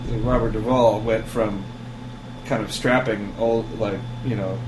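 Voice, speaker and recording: A man in casual conversation, animated and quick to act out voices of the people and animals he is telling about. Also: fairly low pitch, reverberant, background noise. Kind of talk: casual chat.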